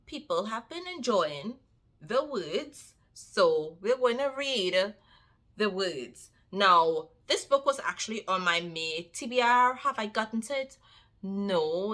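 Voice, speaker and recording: Woman book vlogger talking to camera, slow and drawn out, bright tense voice, says y'all a lot and repeats herself for emphasis. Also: medium pitch. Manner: animated, repeats phrases for emphasis, addresses viewers as y'all. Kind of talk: casual chat to camera.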